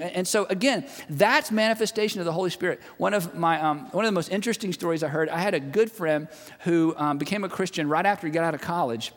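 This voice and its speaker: A man preaching a sermon to a large congregation, telling stories in a relaxed, conversational way and retelling a friend's words. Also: high voice, fast talker. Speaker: pastor. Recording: long reverb of a large hall.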